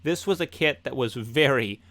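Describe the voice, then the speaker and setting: A man's voice: mid-range voice, moderate pace, no echo. Young male host for hobby news commentary, eager and upbeat, recorded dry and close. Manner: excitable, enthusiastic.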